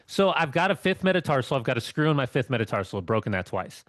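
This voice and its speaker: A man's voice: medium pitch, big pitch swings, quick pace, a bit bright. A man co-hosting a casual podcast, who rambles through long anecdotes and keeps circling back with restarts. His voice sits in a middle register and sounds close and dry, with no room echo. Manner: rambling storyteller with many restarts. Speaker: co-host.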